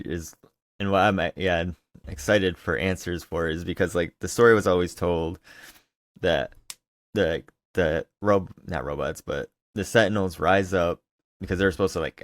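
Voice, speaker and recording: Brief: male podcast co-host, deep voice, dry close mic, rambling explainer. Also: no room sound. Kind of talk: casual chat.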